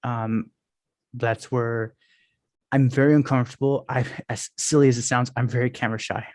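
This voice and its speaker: A man of middle pitch talks casually as a podcast guest. He rambles and restarts as he tells his stories. The sound is dry and close. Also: steady tone, a little mellow, no room sound. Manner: rambling, storytelling, quick restarts. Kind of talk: casual interview chat. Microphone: video call on phone.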